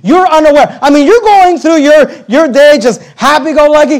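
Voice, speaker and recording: A man preaching a sermon as pastor, swinging between soft and loud and acting out little dialogues. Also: very high voice, fairly quick, hardly any pauses. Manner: acts out little dialogues and quotes scripture.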